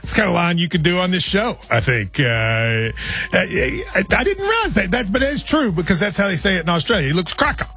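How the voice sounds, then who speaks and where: A man's voice: high-pitched, gravelly, husky, soft background music. A man co-hosting a sports radio show, joking and bantering with his partner. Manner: lively, joking, quick asides.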